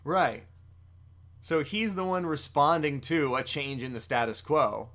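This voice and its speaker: A man's voice: on the high side, animated, measured pace, a bit bright. A man hosting a casual podcast chat, joking and laughing often while reading a comic aloud. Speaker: podcast host.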